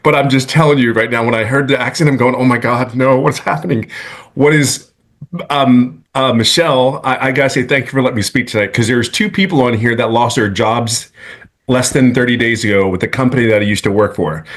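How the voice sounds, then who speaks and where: Middle-aged man, earnest, rambling, restarts often, video call, medium pitch. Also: brisk, a bit bright. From California. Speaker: webinar guest speaker. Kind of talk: casual testimonial on a video call.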